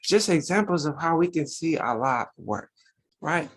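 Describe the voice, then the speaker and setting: A man leads a religious Sunday school class. His voice is a bit husky, and he talks with lively rises and falls in pitch. He keeps asking his listeners rhetorical questions. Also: moderate pace. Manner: animated preaching, rhetorical questions. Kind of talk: religious teaching talk.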